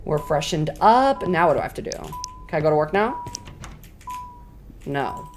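A woman streamer casually narrating a game, talking to her chat with profane, excitable outbursts. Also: deep voice, measured pace, over music. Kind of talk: casual let's-play chatter.

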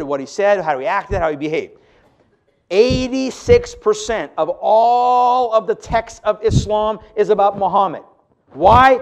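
High-voiced man preaching with lively emphasis. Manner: animated, swings between loud emphasis and hushed asides; asks the audience rhetorical questions. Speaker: pastor. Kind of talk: lecture to a live audience.

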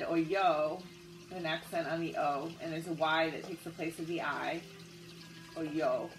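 Her voice is deep yet fairly bright, and the audio is poor. She leads a guided notes lesson on Spanish grammar, spelling each word out patiently letter by letter, with occasional fillers and self-corrections.

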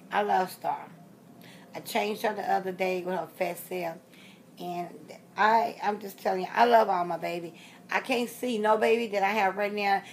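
A woman's voice: mid-range voice, slight background noise. Chatty woman in her sixties, rambling. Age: 60s. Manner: chatty, repeats herself, trails off with fillers. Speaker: reborn doll collector vlogger. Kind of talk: casual rambling vlog talk.

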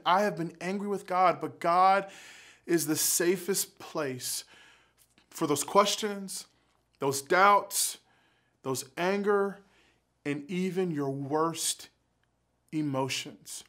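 A man's voice: sits high, takes it slowly, sharp tone. A man giving an earnest youth sermon as a youth pastor, repeating words as he builds intensity, then leading a prayer. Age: adult father.

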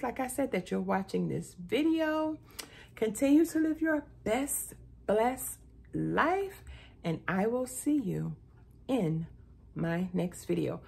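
A woman's voice: slow pace, creaky, breathy edge. A middle-aged woman, chatting casually in a haul vlog and saying "y'all" often. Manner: chatty, keeps saying "y'all", pitch jumps high when excited. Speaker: vlogger.

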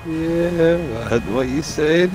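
A man chats in an easy, slangy way, his voice sitting a little higher than most men's. Music runs behind him. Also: slow. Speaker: friend on the line. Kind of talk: casual chat.

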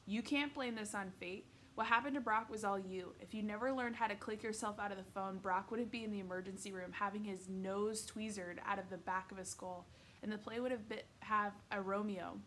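A woman's voice: mid-range voice, fairly even intonation, brisk, a bit bright, a little hiss or hum, close to an everyday voice. A woman voicing an indignant middle-school boy who speaks bluntly, in a read-aloud storybook. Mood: angry. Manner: blunt, exasperated.

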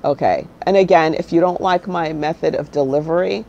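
Blunt, low-voiced woman spiritual guide. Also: brisk, darkish tone, dull audio, a little hiss or hum. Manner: blunt, straight-talking, keeps asking "okay?". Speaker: spiritual guide and channel host. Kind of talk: casual spiritual talk to camera.

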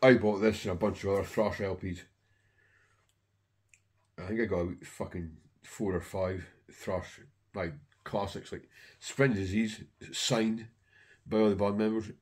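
Middle-aged male record collector, low and very raspy, profane rambling chat to camera. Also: fairly even intonation, unhurried. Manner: heavy swearing, rambling and enthusiastic.

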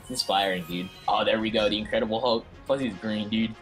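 A young man casually commentating a computer fighting game tournament, excitable and slangy, swearing often. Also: fairly low pitch, brisk, soft background music. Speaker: stream commentator.

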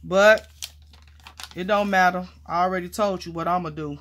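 A woman vlogging casually while mounting stamps, chatty and excitable, calling viewers y'all and honey, and dropping to quiet murmurs as she works. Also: fairly low pitch, normal speed, slight background noise. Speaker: crafting vlogger. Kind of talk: casual chat while crafting.

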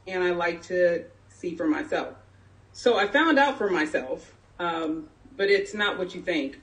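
A woman's voice: on the low side, far from the mic. A middle-aged woman from San Jose candidly telling a personal story at a town hall, in a conversational way with plenty of fillers. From San Jose, California. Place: community town hall meeting.

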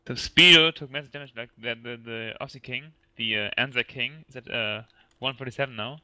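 A man's voice: mid-range voice, a little fast, bright, forceful tone, dry recording. A man chatting playfully during a game, laughing often. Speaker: game player. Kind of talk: casual gaming chat.

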